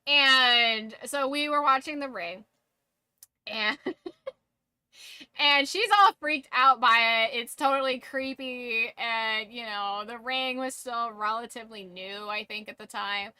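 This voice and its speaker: High, bright giggly woman streamer. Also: fairly even intonation, slow pace, clean tone, no echo. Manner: giggly, swears freely, full of "like". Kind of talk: casual storytelling to a live stream.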